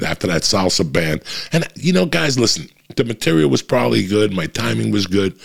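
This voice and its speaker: Raspy, deep-voiced New man swearing through a story. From New Jersey. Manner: blunt and heavily profane, restless and swearing as he tells it. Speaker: comedian and podcast host. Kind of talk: profane storytelling on a podcast.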